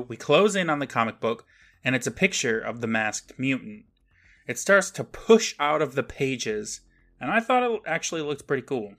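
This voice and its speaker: A young man co-hosting a podcast, recapping an episode in a wry, steady storytelling manner. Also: mid-range voice. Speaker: podcast co-host. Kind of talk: casual recap narration.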